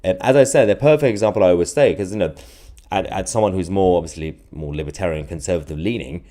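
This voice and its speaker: A man hosting a live political stream, reading out chat comments with a sarcastic, animated manner and frequent laughs. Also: low-pitched, quick pace.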